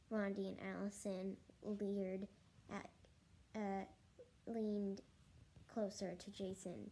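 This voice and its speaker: A woman's voice: mid-range voice, steady tone, slow pace, pauses often, warm tone, rough recording. A woman reading a children's story aloud, with slips and restarts.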